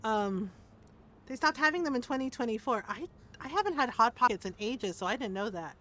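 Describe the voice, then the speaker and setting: High-voiced streamer lady rambling to chat, laughy and animated, swears a bit. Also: a little fast. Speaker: game streamer. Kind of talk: casual chat with stream viewers.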